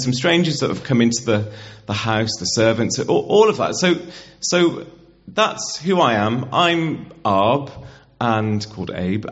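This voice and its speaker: A man preaching a conversational sermon in a church, getting the congregation to repeat words back to him. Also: mid-range voice. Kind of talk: interactive sermon. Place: church hall. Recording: dull, muffled church recording.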